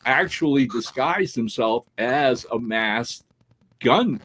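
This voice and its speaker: A man co-hosting a casual podcast, telling a story with animated delivery and checking in with "right?" and "all right?" as he goes. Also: medium pitch, takes it slowly, rough recording. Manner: animated storyteller who acts out quoted dialogue; peppers talk with "right?" and "all right?". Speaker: podcast co-host.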